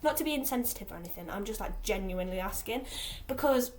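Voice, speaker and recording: A woman's voice: mid-range voice, expressive, fast talker, slight background noise. A teenage girl from England chatting aimlessly in a casual vlog, full of fillers and restarts. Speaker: vlogger. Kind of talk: rambling casual vlog chat.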